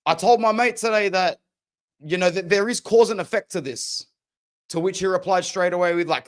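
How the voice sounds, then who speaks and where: A man's voice: sits high, normal speed. A young man hosting a football podcast, ranting passionately and opinionated in casual slang. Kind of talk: opinionated sports talk.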